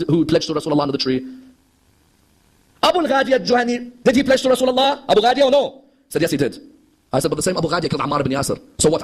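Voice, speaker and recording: A male preacher delivers a heated lecture on religious history at a rapid clip. His voice sits high and carries a husky edge. He throws rhetorical questions at his listeners and slips into the voices of the people he quotes. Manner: impassioned, rhetorical questions to the audience, acts out quoted dialogue. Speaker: Shia preacher.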